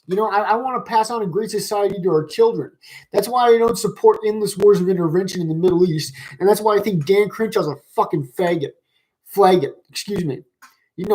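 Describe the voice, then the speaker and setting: A man's voice: high-pitched, a little fast, darkish tone, poor audio. Guy ranting at comments, swears nonstop, lots of like and um, heated and mocking. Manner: rambling, swears constantly, lots of fillers and restarts. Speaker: commentary vlogger. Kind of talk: profane rant reacting to comments.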